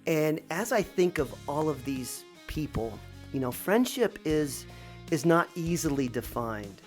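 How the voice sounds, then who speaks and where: Woman with a deep voice for a reflective, meandering personal story; light music underneath. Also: lively intonation, unhurried, darkish tone. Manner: reflective, rambling, with many restarts.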